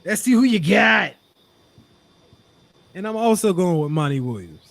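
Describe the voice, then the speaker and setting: A man with a high voice hosts a loose sports chat, his pitch leaping around animatedly. He throws questions at his co-hosts with hype and swearing. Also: big pitch swings, measured pace, gravelly, fairly bright tone, no echo. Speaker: podcast host.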